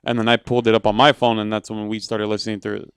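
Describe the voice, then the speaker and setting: Teasing podcast cohost dude, smooth clear voice, dry sound. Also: male voice, fairly low pitch, little pitch movement, quick pace, dry recording. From Southern California. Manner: teasing, laughing. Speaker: podcast co-host. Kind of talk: casual chat.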